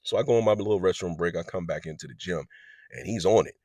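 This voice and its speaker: A man's voice: low voice, quick pace, warm tone, no echo. A man, telling a true story to camera in a blunt, profane way. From Southeast Washington DC. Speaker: juvenile detention worker. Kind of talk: storytime monologue.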